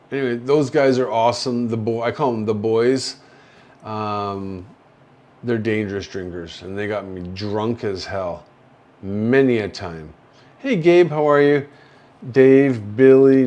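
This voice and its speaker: An older man chatting on a casual livestream, taking his time over every thought. He rambles and stalls with fillers and small laughs as he answers his viewers' messages in a mid-pitched voice. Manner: halting and rambling, with many fillers and soft chuckles. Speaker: livestream host reading viewer chat.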